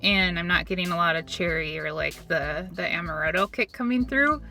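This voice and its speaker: A woman's voice: lowish voice, brisk, creaky, sharp tone, soft background music. A woman from Minnesota hosting a casual food review, chatty and upbeat, with frequent fillers.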